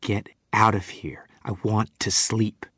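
A man voicing an angry soldier prisoner in a crowded boxcar, loud, cursing and rude. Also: fairly low pitch, little pitch movement, slow pace, breathy edge, no room sound, studio quality, heavily acted. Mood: hostile.

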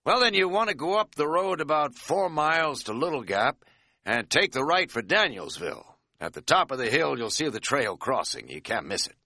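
A man voicing an older, trim male security chief with a drill-sergeant bearing, speaking in a calm, clipped, authoritative way. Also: on the high side, normal speed, no echo, voice pushed up, exaggerated voice. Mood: calm authority.

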